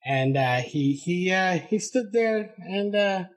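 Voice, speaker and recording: Rambling, higher-pitched man. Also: expressive, slow, rough recording. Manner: rambling storyteller, laughs often. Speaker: podcast host. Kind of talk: casual podcast chat.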